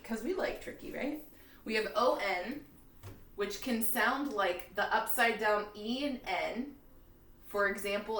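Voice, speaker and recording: A woman's voice: medium pitch, a bit bright. Patient woman teaching spelling, echoey. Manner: patient, explains slowly with frequent "okay?" checks. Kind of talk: spelling lesson for fourth graders.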